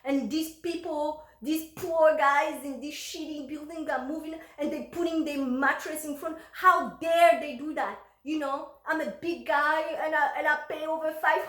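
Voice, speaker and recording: A woman voicing a furious, entitled rich male neighbor who shouts and swears, recorded in an echoey room. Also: very high voice, fairly even intonation, normal speed, hardly any pauses, voice pushed up. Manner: ranting, swearing.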